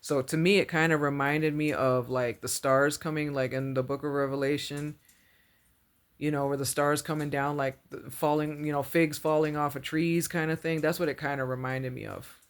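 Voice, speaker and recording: A woman's voice: low voice, fairly even intonation, moderate pace. A woman casually retelling a dream, rambling and earnest, packing her speech with fillers and repeated phrases. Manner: rambling, full of "like" and "you know", repeats phrases; earnest and religious. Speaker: vlogger recounting a dream. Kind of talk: casual storytelling.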